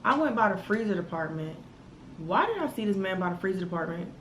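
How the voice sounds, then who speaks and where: A woman, telling a story to her camera in casual vlog chat, animated and full of asides, recorded on a phone. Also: mid-range voice, fast, roomy sound, slight background noise, rough recording. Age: 20s. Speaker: vlogger.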